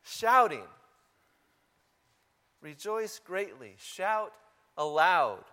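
In a church, a pastor gives a Palm Sunday-style sermon in a relaxed, conversational tone, drawing out his words. His voice is fairly high for a man, and he repeatedly turns to the congregation with questions.

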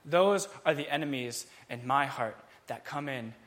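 A man giving a Bible teaching, explaining a psalm in a casual, animated way and acting out its feelings. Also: medium pitch, a little slow.

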